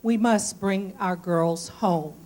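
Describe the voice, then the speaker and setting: A woman's voice: mid-range voice, slow, darkish tone. A woman answering as a candidate at a forum, earnest and emphatic, repeating her key lines. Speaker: congressional candidate.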